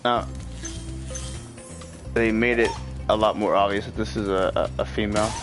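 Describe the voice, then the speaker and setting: A man with a low voice gives relaxed, rambling commentary while playing a game. He fills his talk with "like" and drifting asides. Game music plays clearly behind him. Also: normal speed. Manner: rambling, with frequent filler "like". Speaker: let's play commentator. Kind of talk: casual gameplay commentary.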